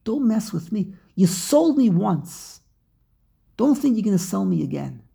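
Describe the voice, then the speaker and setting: A woman's voice: mid-range voice, big pitch swings, unhurried, vocal fry, warm tone, slightly rough, exaggerated voice. A woman voicing a stern, powerful male ruler warning his brothers, with emphatic, repeated warnings.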